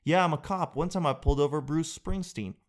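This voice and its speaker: A man playing a weary male traffic cop who mutters his thoughts in a low, deadpan way. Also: fairly quick, natural voice. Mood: starstruck.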